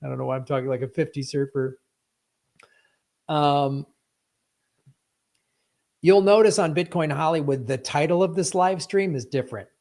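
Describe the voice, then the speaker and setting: A man's voice: fairly high pitch, normal speed, creaky, pauses often, a little mellow. A man hosting a live stream in casual chat, playful, breaking into sound effects and silly rhymes. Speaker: livestream host.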